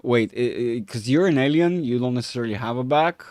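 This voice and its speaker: A man's voice: medium pitch, fairly quick, a little mellow, no room sound, clean studio sound. A man giving casual live commentary on market charts, rambling and joking with his viewers. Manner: rambling, self-mocking, chats with viewers. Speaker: market analyst streamer.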